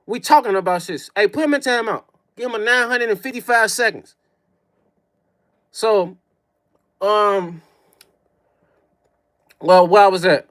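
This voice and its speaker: A man's voice: sits high, measured pace, long pauses, fairly bright tone. A young man telling a personal story on a livestream, in a profane, slang-heavy way with mouth sound effects. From Chicago. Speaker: streamer.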